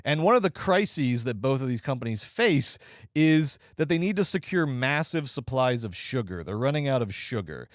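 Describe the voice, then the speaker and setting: Male podcast film critic, sarcastic and animated, lively pitch, dry booth sound. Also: no echo. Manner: sarcastic, animated, rapid riffing. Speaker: podcast co-host, movie reviewer. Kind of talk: casual movie review chat.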